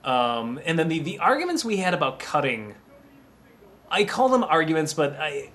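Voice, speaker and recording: A man recording a commentary track about writing a film, rambling and anecdotal, often restarting his sentences and pausing to sip water. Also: fairly high pitch, very animated, fairly bright tone. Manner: drinks water between remarks. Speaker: writer giving a film commentary.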